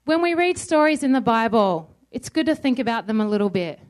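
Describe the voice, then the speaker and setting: A high-pitched woman from Australia delivers a sermon in an easy, conversational way. She keeps asking her listeners questions and answers them herself. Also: sing-song, fairly quick. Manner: conversational, asks the crowd questions. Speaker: preacher.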